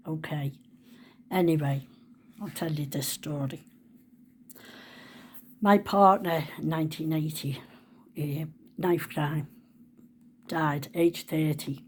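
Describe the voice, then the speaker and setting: A woman's voice: low-pitched, fairly even intonation, slow, long pauses, slightly rough. Chatty woman in her sixties. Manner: chatty, homely dialect. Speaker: storyteller. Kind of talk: casual personal storytelling.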